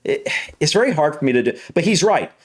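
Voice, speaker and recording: A man's voice: fairly high pitch, big pitch swings, fast talker. An American man hosting a reaction video, chatting casually and repeating practice words while laughing at himself. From United States. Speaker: reaction channel host.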